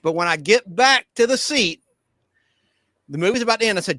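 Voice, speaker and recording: A man in his forties with a bright, forceful voice, telling stories with lively animation and popping into squeaky voices for the people in them. The sound is dry and close, with no room echo. He talks casually, like a host among friends. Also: fairly quick. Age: 40s. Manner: animated storyteller, acts out quotes in squeaky voices. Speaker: podcast host. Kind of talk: casual storytelling chat.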